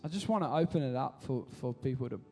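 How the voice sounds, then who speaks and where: A man's voice: mid-range voice, lively intonation, fast talker, a little mellow, far from the mic, faint music behind. A man preaching a casual sermon at kids church, full of restarts, that builds to passionate appeals. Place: church hall.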